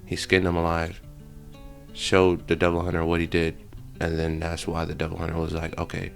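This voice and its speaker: Casual male vlogger recapping a film, low rough voice, lively slang-heavy delivery. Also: normal speed, soft background music. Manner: animated storytelling with slang and profanity. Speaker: channel host.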